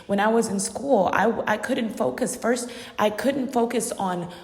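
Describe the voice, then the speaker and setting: A woman's voice: fairly high pitch, measured pace, darkish tone. Emphatic woman in an echoey room. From Uganda. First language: not English. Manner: emphatic, repeats phrases for stress. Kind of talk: personal monologue. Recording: echoey room with long reverb.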